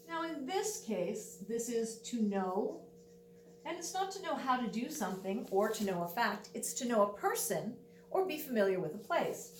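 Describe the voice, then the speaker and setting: A woman's voice: on the high side, sing-song, moderate pace, slight background noise. A woman teaching a Spanish grammar lesson on video, explaining patiently step by step with wry asides. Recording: echoey room, voice from a distance.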